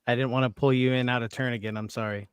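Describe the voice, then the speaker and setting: A man's voice: mid-range voice, steady tone, fast, smooth. A man co-hosting a casual live podcast chat, easygoing and chatty. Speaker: podcast co-host.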